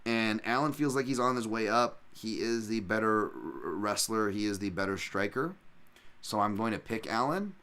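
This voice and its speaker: A man's voice: lowish voice, moderate pace, fairly bright tone. A man hosting a podcast, talking through fights in a casual, rambling way, often restarting sentences and adding asides. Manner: rambling, self-correcting, lots of fillers and asides. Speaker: podcast host and fight analyst.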